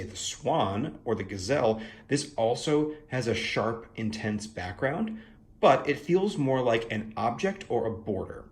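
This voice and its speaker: Musing young man reviewing a deck. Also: lowish voice. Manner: musing, playful asides, frequent fillers. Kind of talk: casual spoken art review.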